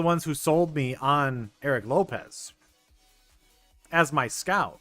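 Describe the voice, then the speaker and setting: An excitable young man streams a baseball game and talks straight to his chat, stumbling through quick restarts. His voice sits somewhat high, recorded close and dry. Soft game music plays underneath. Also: no echo. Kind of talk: casual gameplay commentary talking to chat.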